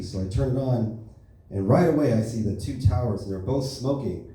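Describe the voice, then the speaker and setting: A young man doing a stand-up set at an open mic, delivering deadpan one-liners with lots of filler words. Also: lowish voice, brisk. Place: comedy club stage. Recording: echoey club, distant mic, faint noise.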